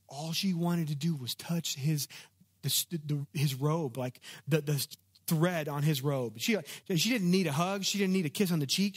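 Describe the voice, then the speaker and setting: A man's voice: a little high, husky. A man pastor giving a sermon in a conversational, storytelling way and calling on the congregation to answer back.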